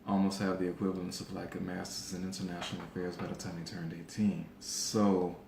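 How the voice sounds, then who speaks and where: A man in his forties talking in a casual, reflective way, measured and pausing with fillers. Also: deep voice, little pitch movement, gravelly. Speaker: podcast co-host. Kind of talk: casual conversation. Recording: echoey room with faint background noise.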